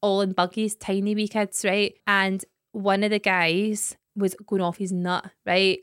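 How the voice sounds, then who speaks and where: A woman's voice: mid-range voice, level tone, unhurried, a bit bright, clear, resonant tone, dry recording, clean studio sound. A young Scottish woman co-hosting a podcast, telling a story in chatty bursts full of "like" and "right?". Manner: chatty, tells stories with lots of "like" and "right?". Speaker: podcast co-host. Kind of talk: casual chat, storytelling.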